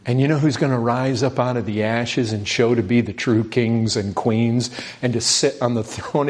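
A man with a medium-pitched voice preaches a sermon animatedly at normal speed, barely pausing. He poses rhetorical questions to the congregation and drives his points home with rising emphasis.

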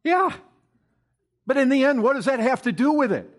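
A man's voice: extremely high pitch, sing-song, normal speed. A man preaching a sermon to his congregation, reading scripture aloud, asking the listeners questions and building to emphatic, stressed bursts. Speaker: pastor.

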